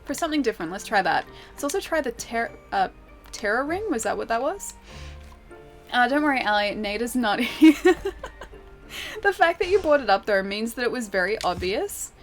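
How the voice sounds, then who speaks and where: A woman's voice: a little high, sing-song, moderate pace. A young woman streaming a game, chatting casually with her viewers, giggling often and filling her talk with little asides. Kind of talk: casual gameplay chat, reading chat aloud. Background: faint game music.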